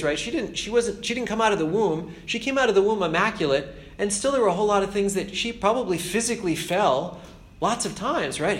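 A man giving an informal, earnest spiritual talk as a preacher, conversational and self-deprecating. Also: sits high. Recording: roomy echo with faint ambience.

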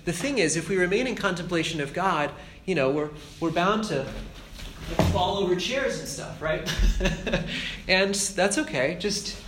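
A man's voice: high-pitched, expressive, normal speed, noisy background. A man giving an informal, earnest spiritual talk as a preacher, conversational and self-deprecating. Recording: roomy echo with faint ambience.

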